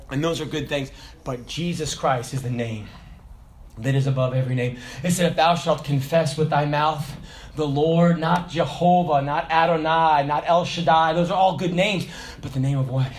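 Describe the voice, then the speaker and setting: High-voiced man preaching with shouted swells. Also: moderate pace. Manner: storytelling, swings from low murmurs to raised shouted passages. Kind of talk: sermon.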